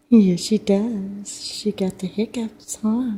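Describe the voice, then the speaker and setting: An older woman, a grandmother, filming her newborn granddaughter and cooing at her in soft, repetitive baby talk. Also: mid-range voice, steady tone, slow pace, husky. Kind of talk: home video baby talk.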